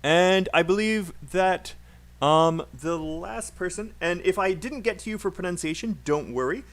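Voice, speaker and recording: A man's voice: high-pitched, expressive, measured pace. A man teaching English pronunciation in a live online class, encouraging and laughing often as he corrects students.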